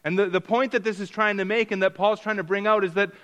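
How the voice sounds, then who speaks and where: A man with a fairly high voice delivers a sermon as a pastor. He teaches step by step, leaning on key words and repeating phrases for emphasis. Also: fairly even intonation, fast, a bit bright.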